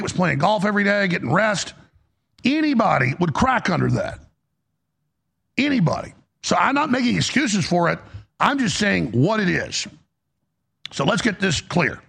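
Creaky, husky man ranting on politics. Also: sits high, fairly bright tone. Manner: heated, emphatic, frequent restarts. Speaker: political commentary host. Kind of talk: political commentary rant.

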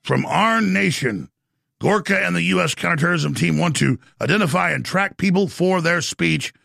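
Gravelly, rapid-fire male talk host. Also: on the high side, animated, bright, forceful tone, dry recording, studio quality. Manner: rapid, combative, ranting delivery. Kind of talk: live call-in radio talk.

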